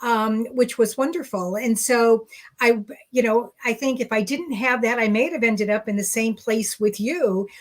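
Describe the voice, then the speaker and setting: A woman guest on a podcast interview, talking candidly and earnestly about finding her voice. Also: on the high side. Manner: earnest, candid, acts out remembered dialogue. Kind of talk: conversational interview.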